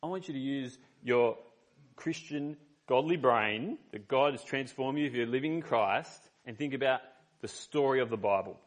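A man's voice: medium pitch, normal speed. A man preaching a sermon as a pastor, reading scripture and telling personal stories in an earnest, conversational way.

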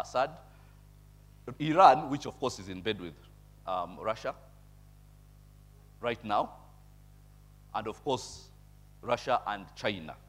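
A male preacher who moves between reading scripture and chatting through what it means. He keeps asking his listeners "eh?" and laughs softly at his own asides. Now and then his voice jumps up in loud, emphatic bursts. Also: medium pitch. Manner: conversational, tags remarks with "eh?"; chuckles at his own points. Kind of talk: sermon with bible reading and commentary.

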